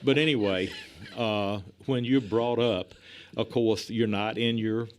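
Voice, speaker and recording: A man in his sixties, a police chief, telling animated anecdotes as a podcast guest. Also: on the low side, slow, a little hiss or hum. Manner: animated anecdotes, acts out other people's lines, laughs often. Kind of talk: casual storytelling in a podcast interview.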